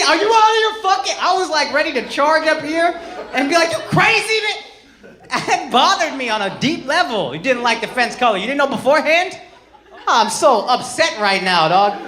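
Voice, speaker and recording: A man doing stand-up crowd work, loud and profane, breaking into shouts. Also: high-pitched, a little hiss or hum. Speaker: stand-up comedian. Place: live comedy venue with audience. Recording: roomy live venue with loud crowd.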